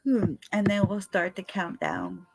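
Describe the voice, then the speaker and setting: Tired lady chatting with her livestream viewers, super dry close sound, slow easy pace. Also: medium pitch, no echo. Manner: greets chatters by name, chatty and unhurried. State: tired, yawning. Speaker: livestream host. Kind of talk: casual live chat with viewers.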